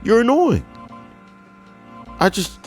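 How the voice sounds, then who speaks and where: A male host giving slangy, animated reaction commentary, with frequent laughing asides. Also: high-pitched, takes it slowly, faint music behind.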